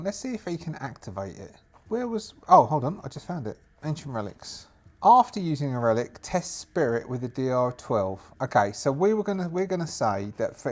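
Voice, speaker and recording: A man's voice: mid-range voice, a little mellow. A man narrating a solo tabletop game in a rambling, self-amused way, restarting often.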